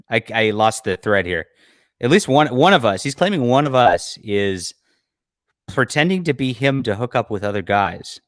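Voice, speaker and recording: A man's voice: mid-range voice, fairly bright tone, no echo, studio quality. A man hosting a livestream, giving blunt, mocking commentary on a clip, with frequent fillers. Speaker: livestream host. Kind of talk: casual commentary over a clip.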